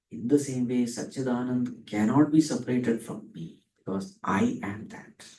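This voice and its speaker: A man's voice: fairly high pitch, mellow, recorded from a distance. Man teaching in an echoey room. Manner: asks and answers his own questions; dwells on Sanskrit terms, drawn out slowly. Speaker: spiritual teacher. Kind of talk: Vedanta discourse.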